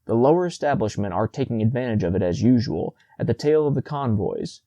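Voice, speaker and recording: A man's voice: medium pitch, expressive, fairly quick, dark tone, no echo, close to an everyday voice. A man reading the part of a chief seraph, a dutiful angel officer, in a formal, reporting manner.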